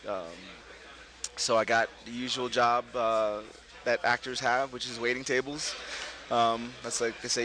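A middle-aged man from Brooklyn, an actor being interviewed, telling stories casually and laughing often, jumping up in pitch when he quotes people. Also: moderate pace, background noise. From Brooklyn, New York. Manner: animated, laughing, voices quotes with big pitch jumps. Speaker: actor, guest.

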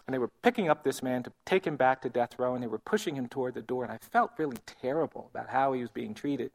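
A man telling a personal story in an earnest, measured, often quiet way. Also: medium pitch, creaky. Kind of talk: storytelling talk.

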